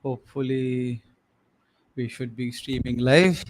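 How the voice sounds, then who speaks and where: Hosting a live-streamed sports podcast, a young Indian man speaks in Indian English with a mid-range, steady voice at a slow pace. He rambles, leans on lots of fillers, and drifts into Hindi, with a little hiss or hum in the background.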